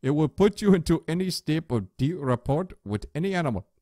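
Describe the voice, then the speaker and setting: A man putting on a calm, solemn guru voice. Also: a little high, a little fast, dry recording, clean studio sound, pitched above the performer's own voice, lightly acted. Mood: serene. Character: calm wise male guru teaching mystic secrets.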